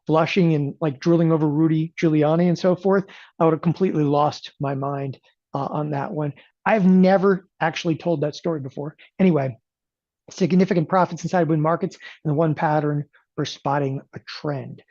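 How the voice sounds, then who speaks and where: A middle-aged man giving a casual, emphatic sales talk for a trading event, rambling and often clearing his throat and tossing in "okay?" asides. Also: on the high side, a little mellow, no room sound, highs cut off. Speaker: trading educator promoting a live event.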